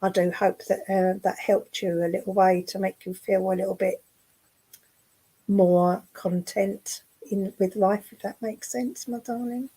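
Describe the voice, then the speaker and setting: A woman working as a spiritualist medium in an online service, speaking gently and affectionately, with many fillers and restarts. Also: medium pitch, steady tone, unhurried, husky, low-quality recording. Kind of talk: clairvoyant readings in an online service. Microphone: video call.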